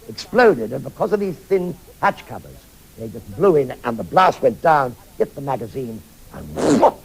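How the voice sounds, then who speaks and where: A man's voice: a little high, slightly rough, low-quality recording. Emphatic older man recounting memories.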